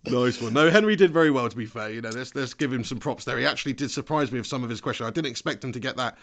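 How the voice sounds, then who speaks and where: A man co-hosting a football podcast, teasing his friends in quick, casual banter. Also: medium pitch, a bit bright. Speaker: podcast co-host. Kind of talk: casual chat.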